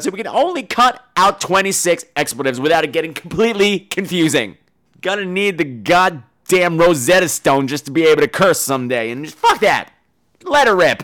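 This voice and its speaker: A man's voice: sits high, a bit bright. A young man hosting a podcast, delivering a profane, sarcastic comedic monologue and ranting about everyday annoyances. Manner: profane, sarcastic, ranting, breaks into silly put-on voices. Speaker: podcast host.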